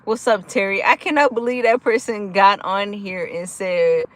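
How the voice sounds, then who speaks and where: A woman hosting a casual livestream, energetic and giggly, laughing often while she chats with viewers and answers their comments. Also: medium pitch, moderate pace. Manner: chatty, with frequent fillers like "like" and "y'all". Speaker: livestream host of a gambling recovery channel.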